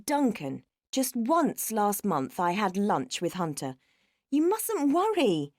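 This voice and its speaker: A woman's voice: mid-range voice, huge pitch swings, slow, darkish tone, no echo, clean studio sound. A woman acting an affectionate young woman soothing her boyfriend in a textbook dialogue, coaxing and insistent.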